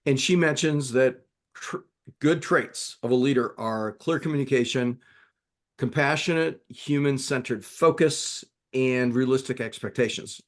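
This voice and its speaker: Male co-host, emphatic storyteller, loose and lively. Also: mid-range voice, unhurried. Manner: animated storyteller, emphatic, many restarts. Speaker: podcast co-host. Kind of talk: conversational discussion.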